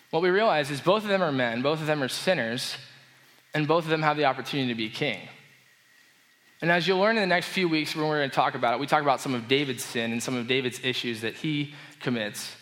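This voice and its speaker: A man preaching a casual, conversational sermon, explaining a story with relaxed enthusiasm. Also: fairly high pitch, a little fast. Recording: long reverb of a hall.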